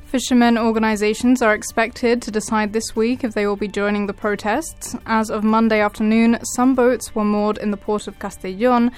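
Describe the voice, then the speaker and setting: A woman presenter reading scripted news and introducing a studio guest, clear and measured. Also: a little high, flat delivery, faint music behind. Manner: clear, measured broadcast delivery.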